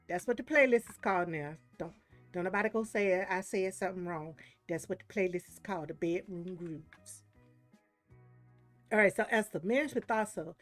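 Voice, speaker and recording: A woman streaming a story game, chatty and laughing often as she talks to her viewers. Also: medium pitch. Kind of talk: casual game commentary. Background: faint music.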